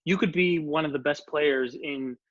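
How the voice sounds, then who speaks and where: A man's voice: fairly high pitch, normal speed, no echo. A man hosting an interview, reflecting and agreeing with his guest, often repeating words as he starts a thought. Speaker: podcast host. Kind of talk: casual interview chat. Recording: dry, slightly dull sound.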